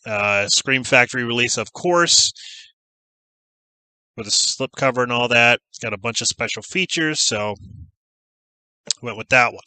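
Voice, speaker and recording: A man's voice: mid-range voice, unhurried, long pauses, pushed and bright, dry recording. A man chatting casually and enthusiastically about movies he watched, with lots of fillers. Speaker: movie collector vlogger. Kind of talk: casual chat.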